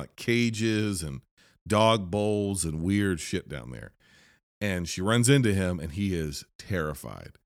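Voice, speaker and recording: A man's voice: sits low, no room sound, clean studio sound. A man casually recapping a horror movie plot, rambling and leaning on fillers like "like". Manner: rambling, filler-heavy, lots of "like". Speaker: film reviewer.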